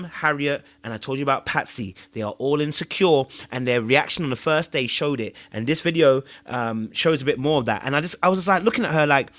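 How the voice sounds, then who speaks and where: A man's voice: mid-range voice, fairly bright tone, dry recording. A man hosting a reality TV review, scolding and mocking the contestants with rhetorical questions and stumbling over words with repeated fillers. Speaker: host.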